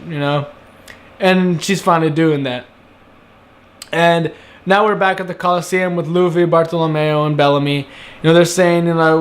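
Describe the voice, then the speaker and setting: A man gushing in a casual video review of an anime episode, excitable, swearing freely, and trailing off into fillers. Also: a little high, normal speed.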